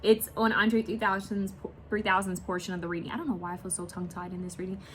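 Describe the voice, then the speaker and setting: A woman's voice: medium pitch, little pitch movement, quick pace, slight background noise. Chatty woman giving a casual card reading. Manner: chatty and rambling, searching aloud for words; swears and laughs casually while talking. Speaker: tarot card reader. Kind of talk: casual pick-a-picture reading.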